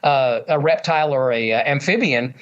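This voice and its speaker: A man's voice: mid-range voice, normal speed, a bit bright, highs cut off. A man who works as a ventriloquist, chatting eagerly in an interview and telling stories with lots of fillers. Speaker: ventriloquist guest. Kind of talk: casual interview chat.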